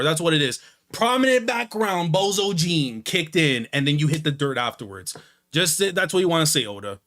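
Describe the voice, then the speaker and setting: A young man reacting to a manga chapter, excitable and slangy, jumping between loud outbursts and low mutters. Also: normal speed. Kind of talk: animated reaction commentary.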